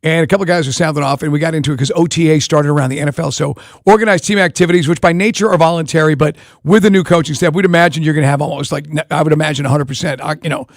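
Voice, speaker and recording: On sports talk radio, a male host races through his points in a high, quick voice, rambling and hopping between ideas with animated energy. The recording is dry and close on a studio mic, with no room sound.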